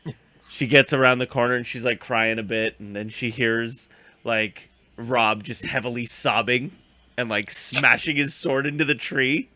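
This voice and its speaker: A young male podcast co-host rambles through a casual recap chat at normal speed, using lots of fillers and acting out scenes in funny voices. His mid-range voice has fairly even intonation and a sharp tone, with no echo.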